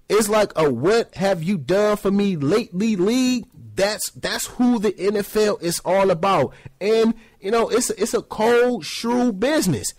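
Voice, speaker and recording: A man giving a casual sports opinion rant, acting out other people in high mocking voices. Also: dry recording. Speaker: sports commentary host.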